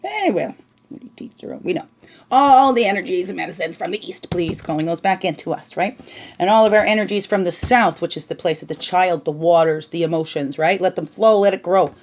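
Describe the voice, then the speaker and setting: A woman giving a casual spiritual talk while reading oracle cards, bubbly and chatty, often tagging on "right?" and slipping into soft, hushed asides. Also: lowish voice, a little fast, slight background noise. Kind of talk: casual spiritual teaching monologue.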